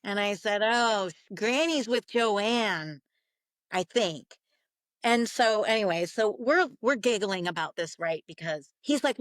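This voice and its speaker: A woman's voice: medium pitch, lively intonation, takes it slowly, a bit bright, dry recording. Female interview guest, chatty storyteller who acts out quotes, dry mic. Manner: acts out quoted voices, laughs often. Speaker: psychic medium guest.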